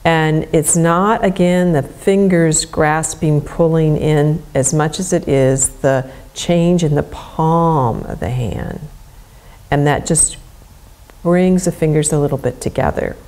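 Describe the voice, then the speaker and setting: A middle-aged woman guiding a gentle movement lesson in a soft, soothing, unhurried way. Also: sits low. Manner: soft, slow, soothing instruction. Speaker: movement educator.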